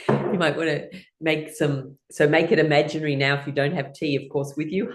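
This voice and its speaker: A woman's voice: deep voice, lively intonation, a little fast. A middle-aged woman teaching a guided laughter exercise class, playful and laughing often as she leads rhythmic ha-ha chants.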